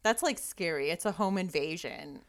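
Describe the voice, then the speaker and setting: Female host, lowish voice, relaxed conversational delivery. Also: normal speed. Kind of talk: casual chat.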